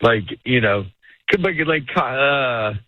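A man's voice: medium pitch, animated, slow, bright, forceful tone, no room sound. A man who is a stand-up comedian, chatting casually in an interview, rambling and restarting his sentences and laughing often. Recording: tinny phone-like radio audio.

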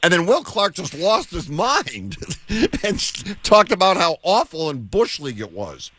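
Lively, animated male radio host. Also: high-pitched, measured pace, breathy edge. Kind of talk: sports radio chat.

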